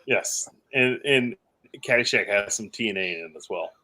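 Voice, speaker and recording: A man's voice: on the low side, moderate pace, pushed and bright. A man co-hosting a live shop-talk stream, boisterous and laughing, swearing freely. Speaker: podcast co-host. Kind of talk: casual shop talk livestream.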